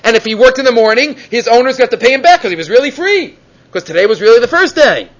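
A man's voice: very high voice, expressive, fast, muffled recording. A man teaching a Torah lecture, mixing in Hebrew terms and rising and falling for emphasis.

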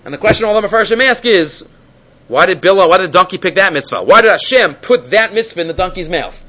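A man's voice: high-pitched, expressive, quick pace, bright, forceful tone, poor audio. A man teaching a Torah lecture, mixing in Hebrew terms and rising and falling for emphasis.

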